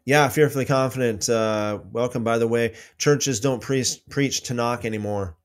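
A man hosting a casual livestream about faith, reading out viewer comments and telling stories with many restarts. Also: normal speed. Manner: rambling, restarts often, lively pitch swings when telling stories.

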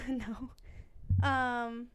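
Giggly high-voiced woman co-host. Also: flat delivery, drawn-out words, clean tone. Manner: playful, giggly, reads facts then jokes. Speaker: podcast co-host. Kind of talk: casual chat reading bird facts.

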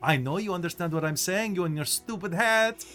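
A man's voice: high-pitched, brisk, fairly bright tone, faint music behind, pitched above the performer's own voice. A man voicing mocking flaming skulls with a put-on French accent, taunting and sing-song.

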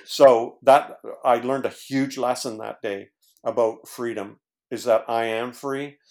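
A man's voice: mid-range voice, steady tone, slow, a little mellow. A man, a former pastor, earnestly telling his own story as a podcast guest, with many fillers and restarts. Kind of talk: casual storytelling in conversation.

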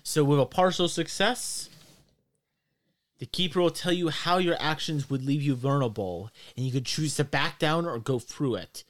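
Relaxed male game master. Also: on the high side, normal speed, no room sound. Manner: relaxed, explanatory, with fillers. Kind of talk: running a tabletop game.

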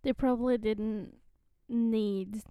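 A woman's voice: on the high side, fairly even intonation, slow, warm tone, clear, resonant tone, dry recording. A woman co-hosting a podcast, chatting casually about comics and paraphrasing characters in acted-out quotes. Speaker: podcast co-host.

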